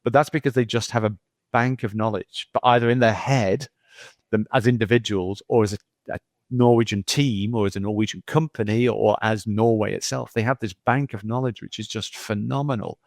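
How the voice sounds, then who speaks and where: A man's voice: lowish voice, steady tone, brisk, gravelly, no room sound. A middle-aged male geologist talking casually as a podcast guest, rambling through anecdotes with lots of repeats and "you know".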